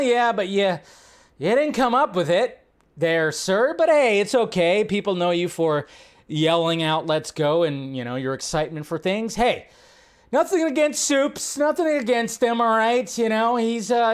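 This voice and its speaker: A man hosting a live film news stream, talking casually and rambling with lots of fillers, his voice jumping up when he makes a point. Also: clear, resonant tone. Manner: chatty, rambling, filler-heavy; animated, pitch jumps up when making a point.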